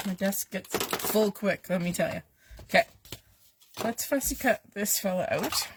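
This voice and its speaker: A woman's voice: mid-range voice, lively intonation, a little slow, background noise. A woman who is losing her voice, chatting to viewers while she demonstrates a craft on a live stream. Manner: talks to viewers while she works, with little asides.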